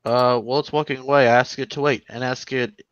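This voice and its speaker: A man's voice: medium pitch, fairly even intonation, a little fast, a bit bright, clear, resonant tone, dry recording, lo-fi sound. A man playing in a tabletop game, describing his character's actions in the third person. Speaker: player.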